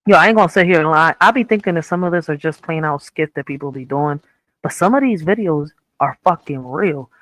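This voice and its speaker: A woman's voice: low-pitched, fairly quick, a bit bright, dry recording, low-quality recording. A woman hosting a reaction stream, blunt and profane, ranting casually and checking in with the audience often. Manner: blunt, profane, keeps saying "all right?". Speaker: streamer host.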